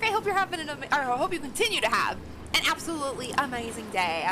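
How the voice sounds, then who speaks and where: Chatty lady streamer, kinda high voice, bouncy, reads game lines out. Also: sing-song, fast talker, very noisy. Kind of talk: casual gameplay commentary.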